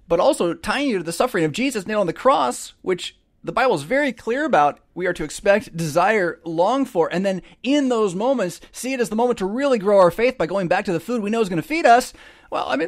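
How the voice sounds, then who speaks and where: Animated American pastor hosting a live show. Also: male voice, fairly high pitch, no echo, studio quality. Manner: animated, emphatic, rhetorical questions, many restarts. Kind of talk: casual sermon-like talk on a live show.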